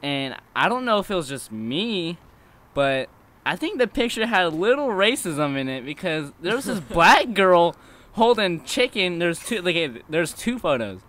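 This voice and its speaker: A man's voice: high-pitched, big pitch swings, unhurried, a bit bright. A teenage boy telling a story casually, swearing and laughing as he goes.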